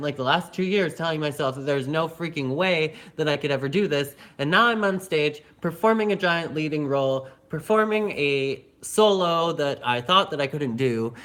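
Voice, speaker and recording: A young man casually telling a story on a livestream, chatty and animated, with lots of filler words and laughter. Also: medium pitch. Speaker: vlogger.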